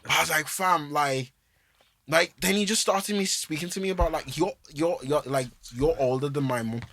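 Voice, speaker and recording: A young man, co-hosting a casual podcast, telling an animated story and acting out the other people in it. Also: a little high, normal speed, gravelly, dry recording. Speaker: podcast co-host.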